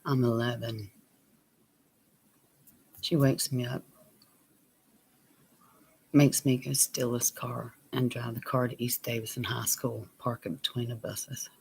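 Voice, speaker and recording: A man telling a personal story on his vlog, plain and unhurried, sometimes dropping to a near whisper. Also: mid-range voice, flat delivery, gravelly, husky. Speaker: vlogger.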